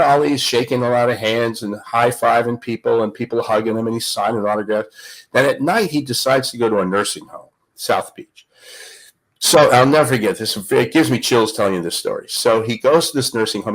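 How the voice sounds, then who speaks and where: A man's voice: mid-range voice, fairly quick, rough recording. An older man, a guest on the show, telling stories in a dramatic, emphatic way. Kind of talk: animated storytelling.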